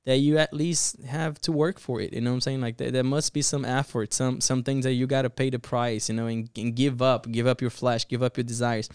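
A man's voice: medium pitch, fairly quick, few pauses, clear, resonant tone, dry recording, clean studio sound. A man who is a pastor, telling stories and preaching earnestly in a casual podcast chat, acting out the voices in his stories. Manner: earnest, animated storyteller who acts out quotes.

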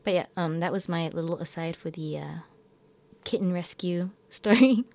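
A woman's voice: fairly low pitch, normal speed, a little mellow. A young woman who teaches in Japan, telling a story in a casual vlog, rambling and filling her talk with "like" and self-corrections.

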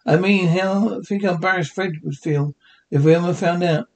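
A man's voice: sits high, moderate pace. A man voicing a chummy, meek cave neighbor in a cartoon voice recreation, friendly and easygoing. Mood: worried.

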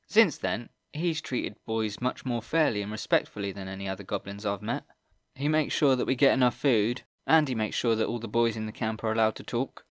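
A man's voice: lowish voice, fairly quick, no echo, studio quality, lightly acted. A man voicing a cheerful, easygoing teenage boy soldier in an audiobook reading. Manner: easy, chatty, cheerful.

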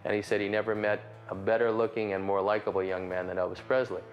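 A man's voice: on the low side, fast talker, muffled recording, faint music behind. A man telling a story in an interview, animatedly voicing the people he quotes. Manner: animated, voices quoted callers.

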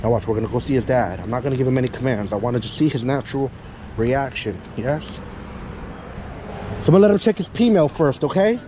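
A man's voice: medium pitch, animated, a little fast, background noise. A man working as a dog trainer, explaining a session to an owner outdoors near parked cars. He talks a lot, keeps checking in with "yeah?" and "okay?", and swears casually. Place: outdoors by a parking area with cars.

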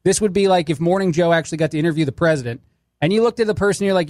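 Wry talk radio man, high voice. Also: rapid-fire, a little mellow, no room sound, studio quality. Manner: wry, critiques clips as he plays them. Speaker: fill-in radio host. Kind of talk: opinionated talk radio commentary.

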